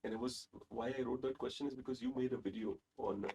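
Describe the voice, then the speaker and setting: A man's voice: mid-range voice, steady tone, fast, mellow, a little hiss or hum, low-quality recording. A man from India with an Indian accent, hosting an interview and eagerly explaining at length. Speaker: host. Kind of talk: casual interview chat.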